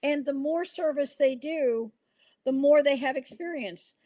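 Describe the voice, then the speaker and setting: A woman's voice: sits high, a little slow, warm tone, no room sound. Older woman host, earnest storyteller. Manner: earnest storytelling, rambling with restarts. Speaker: podcast host. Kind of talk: casual podcast conversation.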